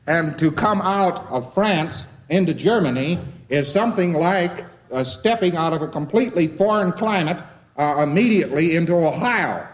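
A man's voice: on the high side, lively intonation, moderate pace. A man giving a lecture in a folksy, wry, rambling way. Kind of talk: lecture to a live audience. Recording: dull lo-fi old lecture tape.

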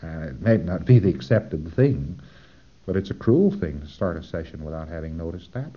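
A man's voice: deep voice, lively intonation, normal speed, slightly rough. A man giving a technical lecture, explaining step by step with dry humor and acting out short examples, on a dull lo-fi tape recording.

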